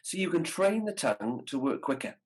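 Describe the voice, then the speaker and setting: Husky man teaching brass technique. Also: on the high side, big pitch swings, a little fast, rough recording. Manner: demonstrates articulation syllables aloud. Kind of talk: masterclass instruction. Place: video call. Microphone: video call.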